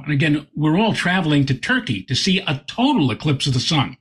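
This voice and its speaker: A male astronomer tells a story as a guest in an interview. His voice sits a little high and has a husky edge. He talks with lively energy and tends to stumble over repeated words when he gets going. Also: a little fast, hardly any pauses. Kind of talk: animated anecdote in conversation.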